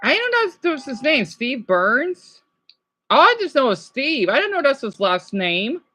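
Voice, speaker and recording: A woman streamer reacting to videos in casual, rambling chat, excitable and talking back to her viewers. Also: sits high, measured pace, faint music behind.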